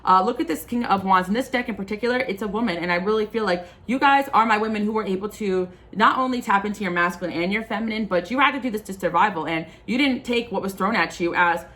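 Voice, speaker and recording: A woman's voice: medium pitch, fast, hardly any pauses, fairly bright tone. A woman giving a tarot reading as a casual, impassioned, rambling monologue to her viewers. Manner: impassioned, rambling, frequent fillers. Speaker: spiritual tarot reader.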